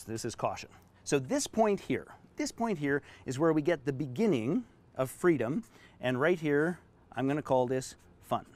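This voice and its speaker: A man teaching business owners on a live stream, talking them through a whiteboard drawing with emphatic, story-driven delivery. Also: a little high. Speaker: business coach.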